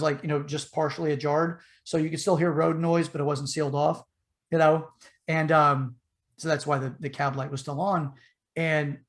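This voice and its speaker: A podcast host with a somewhat higher voice tells a lengthy story in a loose, rambling style, filled with fillers and restarts. His retelling is animated, and he takes on the voices of the people in the tale, keeping it casual and chatty.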